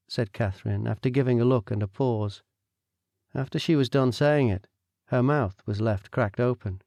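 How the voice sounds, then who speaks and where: A man narrating a comic audiobook story in a wry, measured way. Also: mid-range voice, warm tone, no room sound, studio quality.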